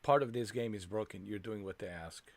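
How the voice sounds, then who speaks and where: A man's voice: on the low side, brisk, creaky, no echo. A man live-streaming a flight game, fuming and ranting with constant swearing at the game.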